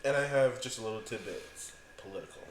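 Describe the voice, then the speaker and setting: A man's voice: mid-range voice, fast. A young man hosting a casual podcast chat, loose and joking with plenty of swearing. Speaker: podcast host. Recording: roomy echo with faint noise.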